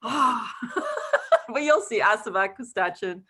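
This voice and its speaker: A woman's voice: fairly high pitch, lively intonation, slow, pushed and bright, a little hiss or hum. A middle-aged woman filmmaker speaking animatedly in a Q&A over a video call, laughing often and acting out quotes. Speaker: filmmaker and guest.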